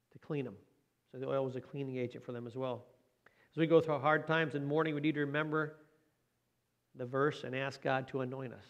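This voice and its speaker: A man's voice: medium pitch, creaky, muffled recording. A man preaching a conversational sermon as a pastor. He talks in a folksy way, asks the listeners questions and adds light joking asides.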